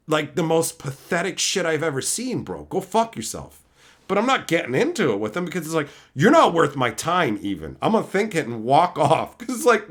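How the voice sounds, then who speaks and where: A man's voice: fairly high pitch, husky. A young man streaming live, ranting to his chat in a profane, scornful way, often mocking others in put-on voices.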